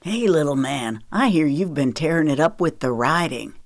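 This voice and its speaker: Cash, a young man home from life on the road, greets his family with relaxed, fond banter in an audiobook romance, as a woman narrator reads him. Her voice stays low and dry, with no echo around it. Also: normal speed. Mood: affectionate. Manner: easy, affectionate joking.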